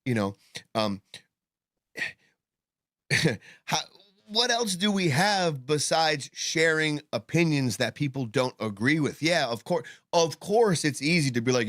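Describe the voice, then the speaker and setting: A man's voice: fairly high pitch, lively intonation, slow, long pauses, fairly bright tone, dry recording, clean studio sound. A man co-hosting a casual podcast discussion, rambling and swearing with many fillers and restarts, talking with tobacco in his mouth. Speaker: podcast co-host.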